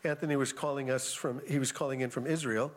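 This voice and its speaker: A man's voice: mid-range voice, fast. A male pastor giving a conversational sermon, telling stories with chuckling asides. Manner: animated storytelling, chuckling asides.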